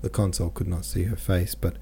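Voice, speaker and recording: A man reading a classic novel aloud as an audiobook narrator, in a measured, even storytelling manner. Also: deep voice, gravelly, a little hiss or hum. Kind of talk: scripted literary narration.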